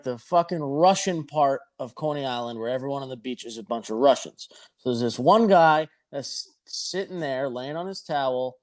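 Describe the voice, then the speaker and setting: A man's voice: medium pitch, a little mellow. A man telling a rambling, profane anecdote in a casual chat. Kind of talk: casual storytelling.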